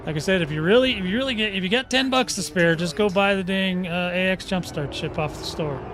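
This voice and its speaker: A man with a high, somewhat bright voice talks fairly quickly while hosting a casual game tutorial on his gaming channel. He keeps things folksy and chatty, often rephrasing mid-sentence and asking "okay?".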